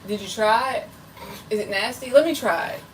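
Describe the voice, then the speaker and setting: A woman's voice: a little high, moderate pace, far from the mic, slight background noise, rough recording. A woman tarot reader chatting casually and rambling on a live stream, talking straight to her viewers. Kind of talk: casual livestream chat.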